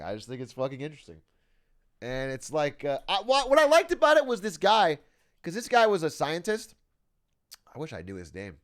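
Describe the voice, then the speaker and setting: A young adult man streaming, chatting casually with his viewers and reading out their messages, laughing often and swearing freely. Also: medium pitch. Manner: animated, laughing, swears often, reads out chat.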